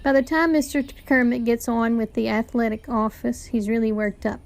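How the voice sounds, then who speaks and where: A woman's voice: a little high, fairly even intonation, moderate pace, gravelly, few pauses. Woman reading a children's novel aloud. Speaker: teacher reading aloud to a class.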